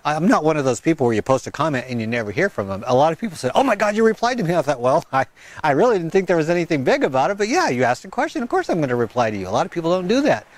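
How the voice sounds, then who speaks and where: Speaking very fast in a slightly high voice with big pitch swings, a gardening channel host records a casual vlog in a windy garden. The recording is dry, his wireless mic has a fuzzy windscreen, and he rambles, laughs at himself, and uses sing-song baby talk on his dog.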